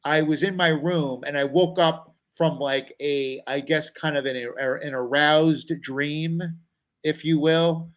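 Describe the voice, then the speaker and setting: A middle-aged man on a talk show, spinning a personal story with an animated delivery. His voice sits a bit high, and he slips into other people's voices when he quotes them. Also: takes it slowly, low-quality recording. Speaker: comedian guest.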